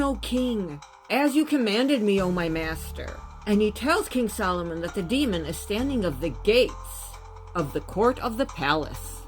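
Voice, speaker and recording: Animated woman retelling a legend. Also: medium pitch. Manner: casual, animated retelling with modern asides. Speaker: storyteller.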